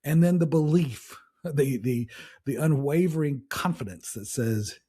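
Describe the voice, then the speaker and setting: A man's voice: a little high, measured pace, dark tone, breathy edge. A man hosting a podcast, giving a casual motivational talk in a conversational way, with frequent restarts and "right?" tags. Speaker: podcast host.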